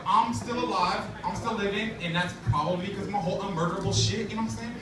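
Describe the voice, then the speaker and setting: Loud music plays behind a man whose voice sits high as he does open-mic stand-up at a laundromat café, talking at a quick pace with hardly any pauses. His delivery is loose and profane, full of fillers. The noisy live recording is roomy and distant, picking up audience laughter and room chatter.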